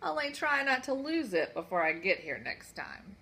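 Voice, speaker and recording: A woman's voice: mid-range voice, big pitch swings, normal speed, creaky, full character voice. A woman voicing a small, timid and tearful girl fairy in a storybook reading. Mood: grateful. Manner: soft, tearful, sweet.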